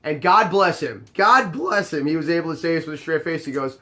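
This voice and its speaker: Animated young man telling a bar story. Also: a little high, moderate pace. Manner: animated, exasperated, acts out both sides of dialogue. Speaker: bar bouncer telling stories. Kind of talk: casual storytelling to camera.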